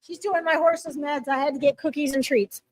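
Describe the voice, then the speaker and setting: A woman giving chatty, reassuring readings to viewers on a live stream, with lots of fillers and little pauses. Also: sits high, fairly even intonation. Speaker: psychic reader answering viewers.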